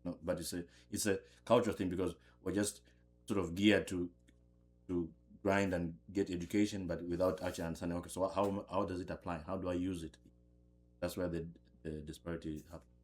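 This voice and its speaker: An African man appears as a podcast guest, his low voice moving at a fairly quick clip. He tells lively stories in a casual conversation, laughing a lot and repeating words along the way.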